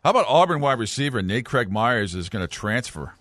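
A man co-hosting a sports radio show in casual banter, often laughing and getting animated when surprised. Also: mid-range voice, a little fast, no room sound. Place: radio studio. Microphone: studio microphone.

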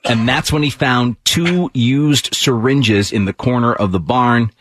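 A man's voice: medium pitch, measured pace, fairly bright tone, no room sound, clean studio sound. A man hosting a radio show, telling a news story in casual banter and laughing along.

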